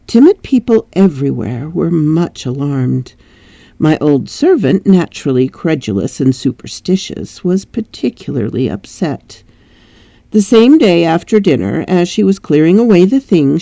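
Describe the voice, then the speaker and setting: A woman narrating a classic novel aloud in an expressive storytelling manner. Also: deep voice, vocal fry, dry recording. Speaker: audiobook narrator.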